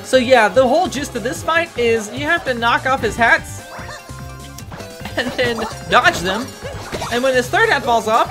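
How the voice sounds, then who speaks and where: Chatty woman doing let's play commentary, high bright voice, jokes at herself. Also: sing-song, moderate pace, soft background music. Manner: chatty, rambling and self-mocking. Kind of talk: gameplay commentary.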